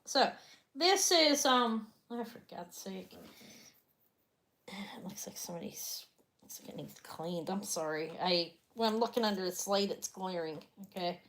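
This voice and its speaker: A woman's voice: mid-range voice, animated, moderate pace, a bit bright. A woman hosting a live online jewelry sale, chatting loosely and often trailing off mid-sentence. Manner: chatty, rambling, trails off and restarts.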